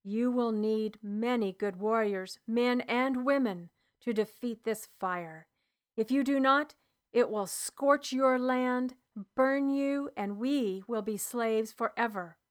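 Woman doing a tired old-world healer guy, grave n earnest, higher voice. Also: slow pace, clean tone. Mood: earnest, urgent. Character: weary male tribal healer serving the Romans, grave. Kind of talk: audiobook character reading.

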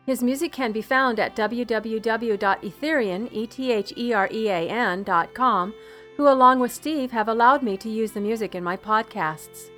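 A woman reading her own novel aloud as a podcast author and narrator, in a soft, subdued way. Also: a little high, moderate pace, faint music behind.

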